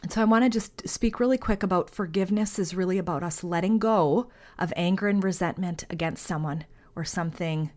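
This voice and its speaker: A woman's voice: on the low side, a little fast, few pauses, darkish tone. A woman hosting a faith podcast. She speaks in an earnest, heartfelt, conversational way, reads scripture aloud and prays. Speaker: podcast host.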